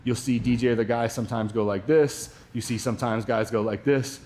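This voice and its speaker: A man's voice: medium pitch, steady tone, brisk, darkish tone. A man hosting a livestream workout, casually explaining exercises and answering viewer questions with loose joking asides. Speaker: fitness coach hosting livestream.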